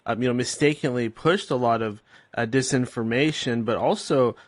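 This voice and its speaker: Man hosting a podcast, halting, dry close sound. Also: medium pitch, dry recording. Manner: halting, many fillers and restarts. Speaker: podcast host. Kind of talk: casual podcast conversation.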